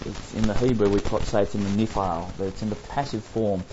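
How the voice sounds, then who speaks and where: Man teaching bible study, mellow tone, muffled lo-fi sound. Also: lowish voice, fairly even intonation, fairly quick, a little hiss or hum. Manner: explanatory, asks the group rhetorical questions. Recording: dull lo-fi recording.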